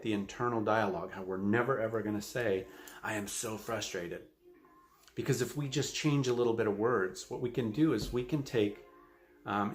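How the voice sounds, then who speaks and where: A man giving a motivational sales training talk, earnest and coaching, with frequent fillers like "um" and "you know.". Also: lowish voice.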